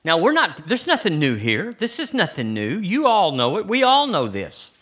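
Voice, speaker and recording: A man's voice: high voice, huge pitch swings, moderate pace, sharp tone. A man preaching a conversational sermon in a church, asking the congregation rhetorical questions. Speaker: pastor. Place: church sanctuary.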